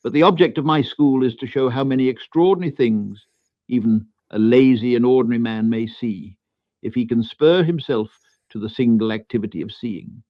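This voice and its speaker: A computer-generated male voice reading a classic essay aloud in a measured, even delivery. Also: medium pitch, dry recording, muffled recording. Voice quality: measured, smooth synthetic delivery. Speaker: AI text-to-speech reader.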